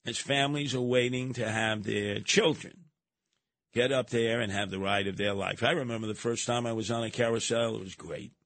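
A man's voice: mid-range voice, steady tone, moderate pace, fairly bright tone, no echo. A man hosting a talk radio show, ranting combatively and sarcastically and acting out the people he quotes. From New York City.

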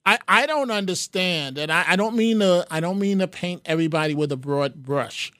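Radio host guy taking calls, kinda high voice, dry close studio mic, blunt and direct. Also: animated, moderate pace, fairly bright tone, no room sound. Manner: frank, direct, addresses callers by name. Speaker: radio talk show host. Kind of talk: call-in talk radio hosting. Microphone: studio microphone.

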